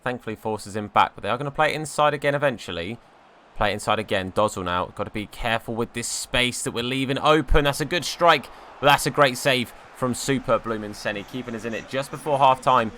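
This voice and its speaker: Bright-voiced gamer commentating. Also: male voice, mid-range voice, brisk, a little hiss or hum. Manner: chatty, playful, mock-outraged banter. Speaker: gaming YouTuber. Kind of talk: casual game commentary.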